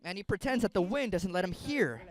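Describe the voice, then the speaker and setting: A man's voice: sits high, sing-song, brisk. A man, a pastor, retelling a Bible story in a dramatic, emotive sermon.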